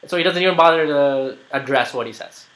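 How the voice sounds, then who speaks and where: A man's voice: on the high side, fast, a bit bright, poor audio. A man commenting on a played video, argumentative and rambling, with many fillers. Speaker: YouTuber making a response video.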